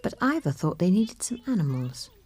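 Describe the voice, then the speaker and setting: A woman giving scripted documentary narration in a measured, wry tone. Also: lowish voice, very animated, darkish tone.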